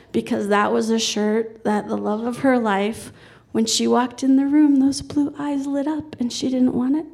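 Woman storyteller on stage, bit high voice, lively, quoting folks with little voices. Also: gravelly. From Colorado, USA. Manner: lively, quotes people in brief voices, laughs often.

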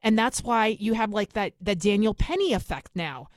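With a medium-pitched, animated voice and a New York accent, this woman from New York City delivers an indignant, emphatic political monologue full of rapid asides as a commentary host. The recording is dry with a clean studio sound.

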